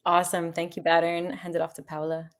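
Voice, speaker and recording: A woman's voice: fairly low pitch, completely flat delivery, quick pace, slight background noise. A woman hosting an online call, handing off between speakers with light laughs. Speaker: call host.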